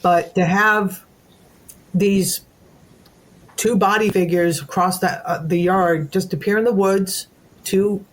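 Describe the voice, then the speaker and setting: Woman telling a ghost-hunt story. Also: on the low side. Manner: animated, talks in long run-on sentences. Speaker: event host, paranormal investigator. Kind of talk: storytelling in a group chat.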